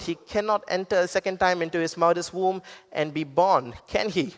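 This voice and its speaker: A man's voice: sits high, fairly even intonation, fairly quick, hardly any pauses, in a large hall. A man preaching a sermon, earnestly explaining scripture and quoting verses to his congregation. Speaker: pastor.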